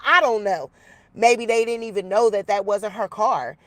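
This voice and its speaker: A woman's voice: mid-range voice, normal speed, dry recording. Chatty woman telling a story, dry sound. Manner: chatty, animated storyteller addressing viewers as y'all. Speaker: YouTuber. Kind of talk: casual storytelling vlog. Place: outdoors in the rain.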